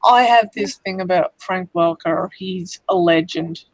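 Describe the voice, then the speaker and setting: Woman, unhurried and fan-eager, for a casual stream chat. Dry, close recording. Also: on the low side, no room sound, low-quality recording. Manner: slow, enthusiastic fan talk.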